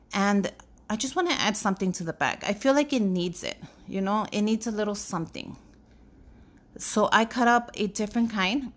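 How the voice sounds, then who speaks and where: A woman's voice: medium pitch, fairly bright tone. A young adult woman hosting a craft tutorial, walking through steps and gushing enthusiastically over how the result looks. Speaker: craft channel host.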